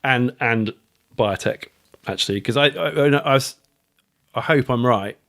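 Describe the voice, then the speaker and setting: A middle-aged man with a British accent, a guest talking in a casual interview, rambling and animated, with lots of fillers and the odd swear word. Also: medium pitch, measured pace. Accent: British English. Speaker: guest author.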